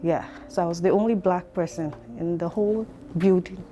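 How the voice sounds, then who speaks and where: A woman with a Nigerian accent, telling her story as an interview guest in a reflective, halting way full of fillers. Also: lowish voice, warm tone, faint music behind. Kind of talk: conversational interview.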